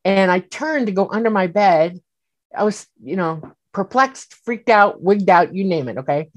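A woman telling a personal story in casual speech, animated and acting out the voices she quotes, with many fillers. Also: mid-range voice, moderate pace. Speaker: guest recounting an experience.

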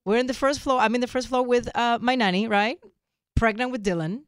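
Animated woman telling teasing stories. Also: fairly high pitch, fairly quick, clean tone, dry recording, clean studio sound. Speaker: podcast co-host. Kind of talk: casual chat.

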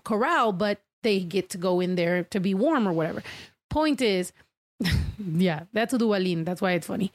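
A woman's voice: medium pitch, no room sound. A woman telling a rambling, profane story in casual chat, acting out the people she quotes.

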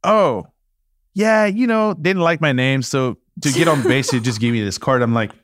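A man, a podcast guest, telling stories casually in an animated way, laughing and acting out dialogue. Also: mid-range voice, moderate pace, no room sound, studio quality. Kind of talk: casual storytelling.

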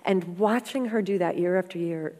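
A woman guest in an interview, telling stories in a frank, animated, conversational way and swearing freely. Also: lowish voice, moderate pace. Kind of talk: candid conversational storytelling. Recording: long hall reverb.

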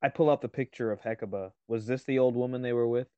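A man's voice: mid-range voice, steady tone, quick pace, smooth, dry recording. A man playing a character in a tabletop game, talking animatedly with laughing asides. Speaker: player. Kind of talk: tabletop role-play. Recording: dull lo-fi mic.

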